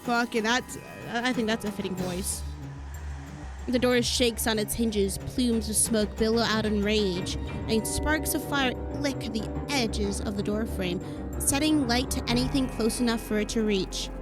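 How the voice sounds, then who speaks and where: A woman streaming a horror game, reading its text aloud and reacting dramatically with frequent swearing, with game music playing behind. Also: measured pace. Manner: dramatic, swearing, jumps high when flustered.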